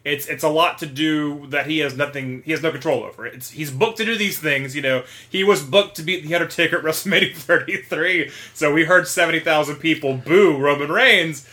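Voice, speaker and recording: A man's voice: fairly high pitch, brisk, hardly any pauses, pushed and bright. A man co-hosting a casual podcast, talking animatedly, swearing and acting out quotes. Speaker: podcast co-host.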